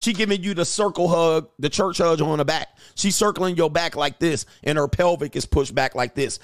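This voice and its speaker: A man's voice: fairly high pitch, moderate pace, dry recording, clean studio sound. A man hosting a reaction channel, giving casual, profane dating commentary and acting out voices of the people he quotes.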